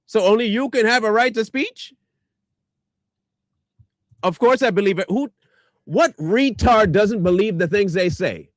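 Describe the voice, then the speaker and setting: A man's voice: high-pitched, fairly bright tone, no room sound. A man ranting back at viewer comments in a combative, sarcastic, insulting way. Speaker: online commentator.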